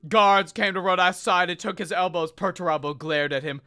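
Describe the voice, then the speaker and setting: A woman podcast host reading a novel aloud in a theatrical, expressive narrating style. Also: on the low side, normal speed, no echo, studio quality. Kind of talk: dramatic book reading with comic asides.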